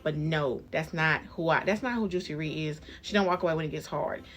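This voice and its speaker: A woman vlogger telling a casual story, acting out the people in it with big jumps in pitch. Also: fairly quick. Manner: animated, acts out quotes with big jumps in pitch.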